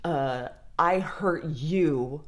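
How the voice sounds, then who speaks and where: A woman's voice: low-pitched, extremely slow. A woman vlogger talking casually about mental health in a blunt, frank way, swearing freely. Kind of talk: casual talk to camera.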